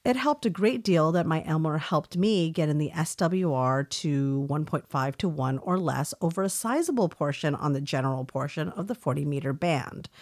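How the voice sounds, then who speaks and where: A woman co-hosting a podcast, reading listener emails aloud and teasing her co-host with frequent laughs. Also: low-pitched. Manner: giggly, teasing.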